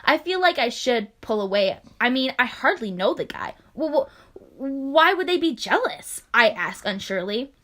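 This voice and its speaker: A woman's voice: high-pitched, very animated, normal speed, sharp tone. A young woman co-hosting a podcast, reading fan fiction aloud and often breaking into giggles. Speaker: podcast co-host.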